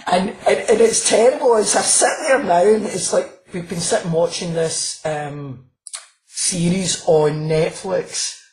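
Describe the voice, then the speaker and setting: A woman's voice: on the low side, measured pace, darkish tone, poor audio. A woman, a crime author and former police officer, chatting in an interview, often restarting sentences and laughing as she tells stories. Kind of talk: casual interview chat.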